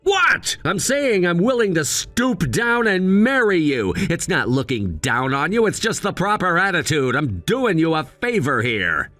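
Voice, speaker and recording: An actor playing an arrogant, snobbish young fiancé who talks down to others with a sneer, in a dramatized text story. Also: male voice, high-pitched, sing-song, a little slow, few pauses, fairly bright tone, dry recording, soft background music, heavily acted. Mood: smug. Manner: sneering, condescending.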